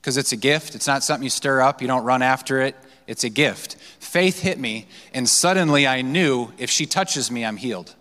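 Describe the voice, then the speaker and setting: A man's voice: medium pitch, moderate pace, few pauses, pushed and bright. A male pastor preaching a sermon, telling personal stories in a loose, conversational way with fillers and restarts. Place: church sanctuary. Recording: long church hall reverb.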